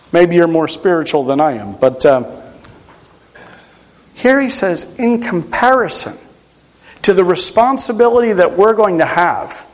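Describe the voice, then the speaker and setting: A man from Pennsylvania delivers a sermon in a relaxed, conversational tone. His voice sits high for a man. He drops in dry jokes at his own expense as he teaches. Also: low-quality recording. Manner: conversational, self-deprecating humor. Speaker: preacher.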